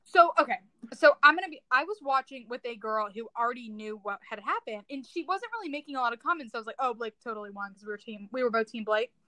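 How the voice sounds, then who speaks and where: A young woman with a high, bright voice recapping in a dramatic, excitable rush, leaning on "like" constantly. The sound is close and dry, with no room around her. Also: fast talker, few pauses, no room sound, poor audio. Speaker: podcast co-host. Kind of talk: casual chat.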